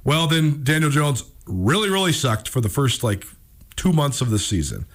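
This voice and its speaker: A man hosting a sports radio show, telling a story in casual chat, animated and laughing often. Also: mid-range voice, normal speed.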